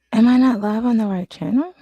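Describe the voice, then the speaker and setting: A woman's voice: fairly high pitch, warm tone, slightly rough, no room sound. A woman hosting a casual livestream, frustrated and swearing, often dropping into whispers, talking into a desk microphone at home. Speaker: livestream host.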